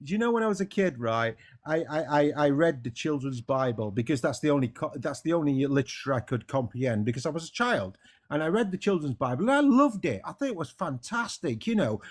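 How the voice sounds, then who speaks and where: A man's voice: on the high side, sing-song, a little fast. An English man debating as a caller, talking passionately and stumbling over repeated words. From England. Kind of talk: heated casual debate.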